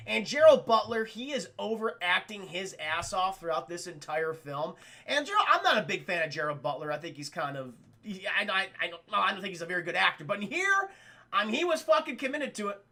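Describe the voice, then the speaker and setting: A man with a very bright, high voice and a gravelly edge talks his viewers through a film review. His chat is casual and animated, with free swearing and acted-out scenes. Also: brisk. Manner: animated, swears freely, acts out scenes with exclamations. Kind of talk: casual spoiler review chat to a live stream audience.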